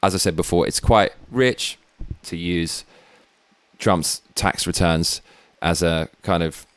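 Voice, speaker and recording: A man's voice: low voice, slow pace, fairly bright tone, no room sound. A British man hosting his own show, giving blunt, sweary political commentary with rambling asides. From Britain. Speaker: show host.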